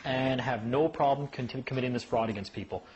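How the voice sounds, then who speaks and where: A man's voice: mid-range voice, a little fast, rough recording. A man giving a casual talk on legal rights to a small group, telling stories and acting out voices. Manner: animated storyteller who acts out voices.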